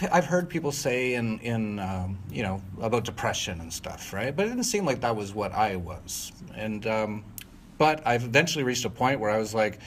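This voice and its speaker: Interviewed at home, a middle-aged man rambles through a personal story full of fillers, restarts and self-corrections, laughing briefly mid-sentence. His pitch is medium, with slight background noise.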